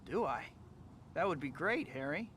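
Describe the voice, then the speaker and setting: A man's voice: fairly high pitch, big pitch swings, moderate pace. A man voicing a wry, guilt-ridden young superhero in a video game, with self-mocking musings. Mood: upbeat. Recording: game audio with loud background noise.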